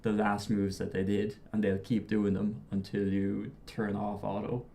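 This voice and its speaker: Low-voiced man rambling easily about games. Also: level tone, unhurried, creaky, dark tone, slight background noise. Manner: easygoing, explains with fillers. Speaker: podcast guest. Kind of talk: casual group chat.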